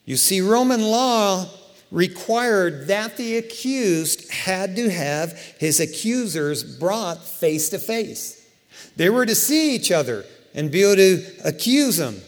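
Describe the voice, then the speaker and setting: A man preaching a sermon in a conversational, animated way, asking his listeners question after question. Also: fairly high pitch. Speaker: pastor. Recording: long hall reverb.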